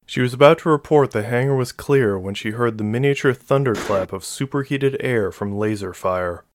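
A man narrating a science-fiction novel in a steady, measured reading. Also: mid-range voice, dry recording. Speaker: audiobook narrator. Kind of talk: scripted narration.

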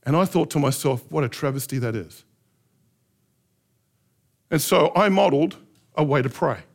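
A middle-aged pastor preaches with passion. His fairly high voice swoops widely as he acts out raw, honest prayers. He shifts between urgent pleading and quiet reflection. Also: expressive, normal speed, creaky. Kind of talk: sermon.

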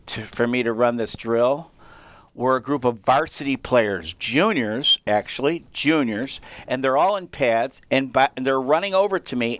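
A man in his sixties, a teacher, telling animated stories in casual chat in a radio studio and laughing often. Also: medium pitch, clear, resonant tone, dry recording. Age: 60s. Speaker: radio show guest teacher. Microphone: studio microphone.

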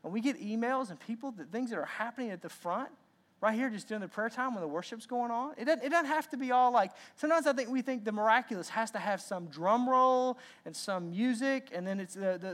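A man preaching a sermon as pastor, animated and repeating words as he acts out lines. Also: very high-pitched, a little fast.

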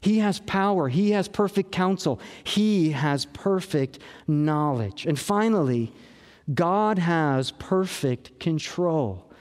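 A man's voice: a little high, lively intonation, slow pace, a little mellow, in a large hall. A man preaching a sermon as pastor, earnest and repeating key phrases for emphasis.

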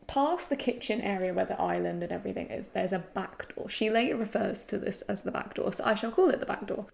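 A woman's voice: medium pitch, a little fast, creaky, a little mellow. A woman co-hosting a podcast, casually recapping a TV episode, laughing often and acting out scenes. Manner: laughs often, acts out scenes in funny voices. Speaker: podcast co-host. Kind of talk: casual rewatch chat.

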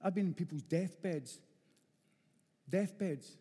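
A middle-aged man from Glasgow delivers a blunt, heartfelt sermon, his rough Scottish voice pitched slightly high for a man and his pace slow and mellow. He drives each point home through repetition, and a long hall reverb carries his words.

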